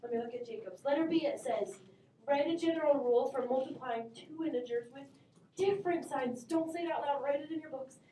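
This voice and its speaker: Woman math teacher, high voice, cheery and encouraging, echoey classroom recorded from across the room. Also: brisk, dark tone, far from the mic, a little hiss or hum. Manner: upbeat, encouraging, calls on students by name.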